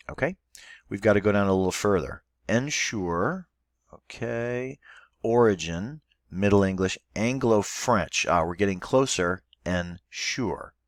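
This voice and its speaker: Low-voiced man teaching a class. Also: no room sound, studio quality. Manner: explains step by step, thinking aloud with fillers. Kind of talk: recorded online class lesson.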